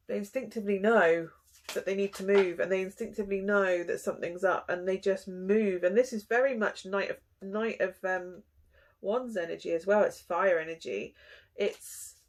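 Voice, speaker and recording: A woman's voice: medium pitch, normal speed. Chatty woman reading tarot. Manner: chatty, animated, frequent sighs and gasps. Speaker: tarot reader.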